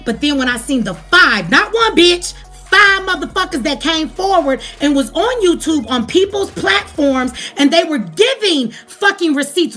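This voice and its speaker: High-voiced woman with an African American English accent, fired-up profane vlog rant, faint music behind. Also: expressive, measured pace, bright, forceful tone. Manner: profane, heated, calls out her audience. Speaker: commentary vlogger. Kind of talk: ranting commentary.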